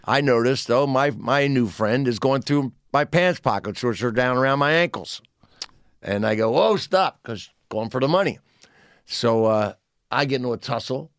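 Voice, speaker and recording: A man's voice: mid-range voice, moderate pace, no room sound, studio quality. A man in his sixties, a comedian guest on a podcast, telling a long story in casual chat and acting out the lines of people in it. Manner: animated storyteller, acts out quotes.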